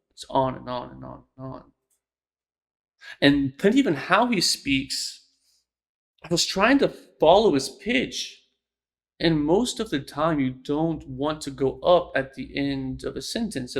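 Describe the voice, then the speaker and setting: Slow, gravelly young man. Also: mid-range voice, lively intonation. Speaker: host of a speech lecture series. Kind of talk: casual spoken commentary.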